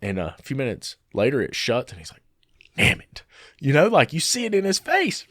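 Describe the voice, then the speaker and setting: Male podcast co-host, lively storyteller with a swinging pitch, dry close sound. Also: brisk, no echo. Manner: animated storyteller who acts out quoted people. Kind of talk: casual podcast chat.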